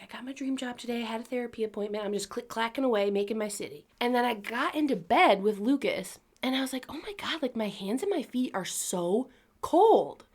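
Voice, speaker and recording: A young woman co-hosting a podcast, chatting casually, giggling often and swearing offhandedly. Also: mid-range voice. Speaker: podcast co-host. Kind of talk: casual chat.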